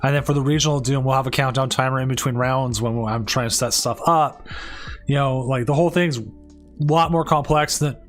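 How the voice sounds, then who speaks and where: A man's voice: medium pitch, fairly even intonation, fairly quick, faint music behind. A man hosting and casting a live tournament stream, talking casually and rambling with many restarts and fillers. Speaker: tournament stream host and caster.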